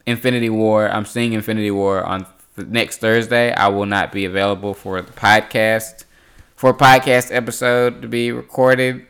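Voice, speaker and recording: A man's voice: fairly low pitch, little pitch movement, moderate pace, fairly bright tone, clear, resonant tone. A young man hosting a podcast in casual, rambling chat, laughing often. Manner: loose, rambling, laughs a lot. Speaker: podcast host.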